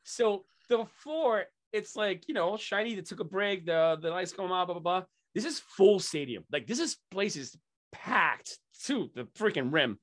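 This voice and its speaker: Lively swearing storyteller man. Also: high voice, normal speed. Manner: animated, profane, lots of fillers. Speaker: podcast guest telling a story. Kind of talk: casual storytelling.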